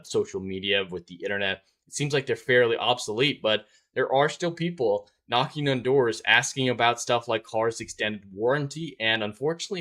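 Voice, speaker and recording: A man's voice: medium pitch, bright, forceful tone. A man hosting a live stream, chatting casually, reading out viewer comments and laughing often.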